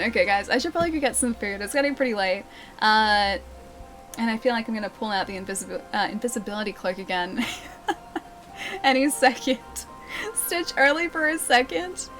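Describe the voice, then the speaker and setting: A young woman livestreaming a game, chatting casually and giggling as she reads her chat aloud. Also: a little high. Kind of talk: casual live-stream chat.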